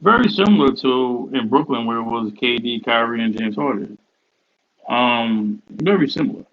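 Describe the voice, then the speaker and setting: A man's voice: mid-range voice, lively intonation, moderate pace, slight background noise. A man co-hosting a sports podcast, earnestly defending his team in casual banter. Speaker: podcast co-host. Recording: dull muffled audio.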